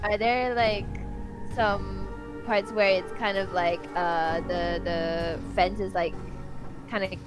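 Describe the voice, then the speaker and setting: A woman's voice: medium pitch, steady tone, slow pace, music in the background, low-quality recording. A woman helping run a horror tabletop game, speaking hesitantly with many fillers. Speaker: co-game master. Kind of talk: casual tabletop role-play.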